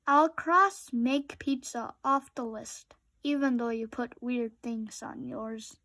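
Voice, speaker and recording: Woman doing a panicky high-pitched storybook rabbit. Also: slow pace, exaggerated voice. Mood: eager.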